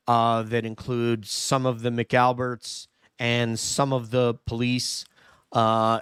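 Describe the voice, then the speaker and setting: A man hosting an interview, speaking haltingly with many filler pauses. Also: medium pitch, fairly bright tone, clean tone, no room sound, clean studio sound. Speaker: podcast host. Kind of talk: conversational interview.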